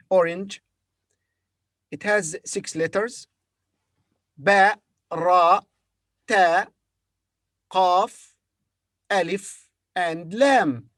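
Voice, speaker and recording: A man leads a beginner language lesson at an unhurried, very slow pace. He spells each word out letter by letter and repeats it over and over for the learner. The sound is dry and close, with no room echo. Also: high voice, fairly bright tone. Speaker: Arabic teacher.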